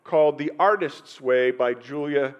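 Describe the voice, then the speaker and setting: A middle-aged man preaching a sermon as pastor, telling personal stories with pauses and sudden swells in loudness. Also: medium pitch, muffled recording.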